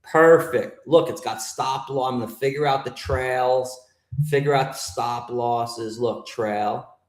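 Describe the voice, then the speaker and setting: Slow-talking, cursing man streaming trades. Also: medium pitch, steady tone, roomy sound. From New York. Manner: profane, griping, talks to chat. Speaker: livestream trader host. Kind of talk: live trading stream commentary.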